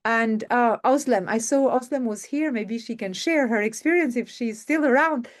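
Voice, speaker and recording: A woman's voice: on the high side, moderate pace. Enthusiastic woman hosting an online masterclass. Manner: enthusiastic, repeats words for emphasis. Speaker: masterclass host and media coach. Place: online video call.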